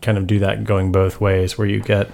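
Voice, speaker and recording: A man hosting a podcast, laid back and introducing tracks like a radio DJ. His voice sits low with a gravelly fry running through it. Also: monotone, normal speed, darkish tone. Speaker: podcast host. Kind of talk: casual chat.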